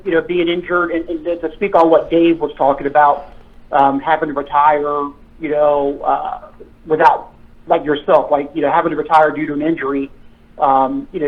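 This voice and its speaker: A retired police officer, a man, telling stories in a casual chat, hesitant with many fillers and restarts. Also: on the high side. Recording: tinny phone-like line.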